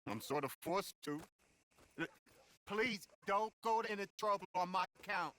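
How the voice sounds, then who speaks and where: A timid frontier healer apologizes his way through each sentence in ornate, formal speech. The voice is bright and edged, set slightly high for a man. It is video game dialogue. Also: moderate pace. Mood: apologetic. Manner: formal, wordy, overly polite. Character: meek, apologetic traveling medicine man.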